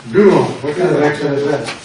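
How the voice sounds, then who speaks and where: Quizzing his Greek students in a church classroom, this older American pastor talks briskly in a voice on the high side. The lesson is full of drills, repeated words and playful puns. Sound quality suffers from heavy echo, a distant mic and background noise.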